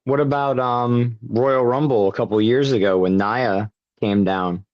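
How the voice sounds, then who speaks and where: A man's voice: mid-range voice, fairly even intonation, unhurried, no room sound. Playful male co-host from Canada, slightly muffled dry recording. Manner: jokey, playful banter. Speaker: podcast co-host. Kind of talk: casual chat.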